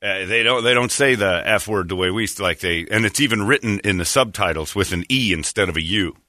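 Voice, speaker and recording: A man's voice: fairly low pitch, a little fast, bright, forceful tone, dry recording, studio quality. A man hosting a morning radio show in casual chat, rambling and breaking off his own sentences as he tells stories. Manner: rambling, self-interrupting storyteller.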